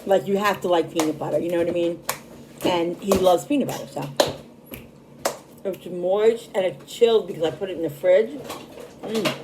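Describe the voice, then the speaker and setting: A woman's voice: lowish voice, normal speed, long pauses, background noise. A woman in her fifties hosting a casual home cooking vlog from her kitchen, chatty and bubbly, laughing often. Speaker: cooking channel host.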